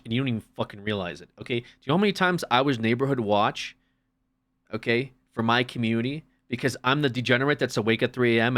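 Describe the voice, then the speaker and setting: A man's voice: mid-range voice, fairly bright tone. A man streaming, chatting casually, swearing often and acting out little scenes. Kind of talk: casual chat.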